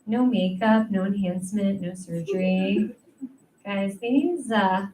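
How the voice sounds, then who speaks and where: Slow, chatty woman doing stand-up in an echoey room. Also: mid-range voice. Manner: chatty, self-deprecating, many ums and likes. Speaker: stand-up comedian. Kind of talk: stand-up comedy set. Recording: echoey room, mic at a distance, faint noise.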